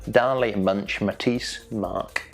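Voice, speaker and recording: A man's voice: lowish voice, steady tone, slow pace, faint music behind. A young man hosting an online quiz from home, playful and jokey, stumbling over foreign names. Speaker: quiz host.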